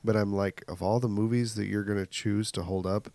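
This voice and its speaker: A man's voice: fairly low pitch, fairly even intonation, brisk, a little mellow, no echo. A man co-hosting a podcast in casual chat, wry and rambling, often trailing off. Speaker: podcast co-host. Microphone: podcast mic without pop filter.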